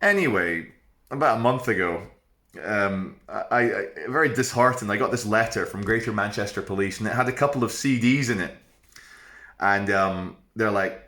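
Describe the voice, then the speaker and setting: A man's voice: on the low side, normal speed, pushed and bright. A man in his thirties telling a personal story to camera in a chatty, rambling, frank way, with fillers and restarts. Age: 30s. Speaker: vlogger.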